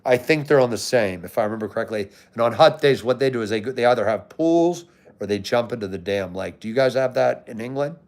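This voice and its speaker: Speaking quickly in a mid-range, darkish voice, this American livestream host chats casually with his viewers, answering them in a relaxed way with occasional swearing.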